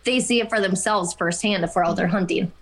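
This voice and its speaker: A woman's voice: medium pitch, brisk. A woman speaking as a kennel-owner guest on a podcast, plain and matter-of-fact. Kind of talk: casual podcast conversation.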